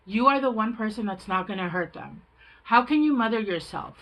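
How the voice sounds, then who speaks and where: In a muffled recording, a tarot reader with a fairly high, animated voice talks a little fast. Her reading is casual and frank, and she chats and rambles, frequently interrupting herself to begin a sentence again.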